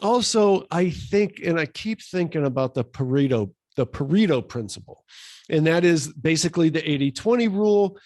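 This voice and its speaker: A man's voice: a little high, expressive, moderate pace, darkish tone, no echo, clean studio sound. A man in his sixties co-hosting a podcast, musing aloud in casual opinion chat and often restarting his sentences. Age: 60s. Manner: rambling, thinking aloud with restarts. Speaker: podcast co-host.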